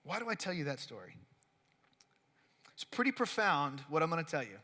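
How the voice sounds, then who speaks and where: A man's voice: fairly high pitch, sing-song, fairly quick, sharp tone. A man preaching a casual youth sermon in a worship center, telling a story in a chatty way that leans heavily on "like" and acts out the quotes. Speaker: youth pastor. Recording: long reverb of a worship hall.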